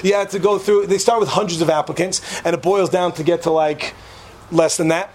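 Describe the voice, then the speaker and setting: A man's voice: high-pitched, steady tone, a little fast, a little mellow, a little hiss or hum. Chatty man telling a funny story. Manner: chatty, joking, addresses the audience with asides. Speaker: speaker telling a story to an audience. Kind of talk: humorous storytelling talk.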